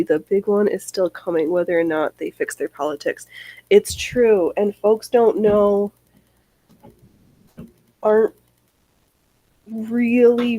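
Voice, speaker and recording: A woman's voice: medium pitch, mellow, no echo, low-quality recording. A woman hosting a livestream, chatting casually and rambling as she answers chat comments, with frequent swearing. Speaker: livestream host.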